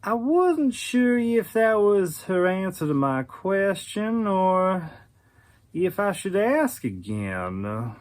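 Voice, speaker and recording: Brief: slow, halting man narrating a memory for an oral history. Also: high-pitched, very animated. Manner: halting, with restarts. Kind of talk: recounted personal memory.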